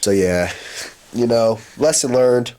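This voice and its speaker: Animated young man telling a story. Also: mid-range voice, takes it slowly. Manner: slangy, animated, laughs while telling stories. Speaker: vlogger. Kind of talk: casual storytelling.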